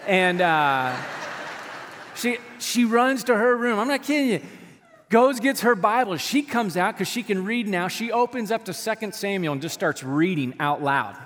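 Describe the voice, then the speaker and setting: Male pastor, 30s, high voice, funny animated sermon stories, long hall reverb. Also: normal speed, slight background noise. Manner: humorous, animated storytelling. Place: church sanctuary.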